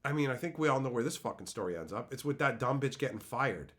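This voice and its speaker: A man's voice: medium pitch, lively intonation, fast, a bit bright. Profane, scornful ranting man. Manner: profane, scornful ranting with mocking put-on voices. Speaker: streamer. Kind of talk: ranting commentary.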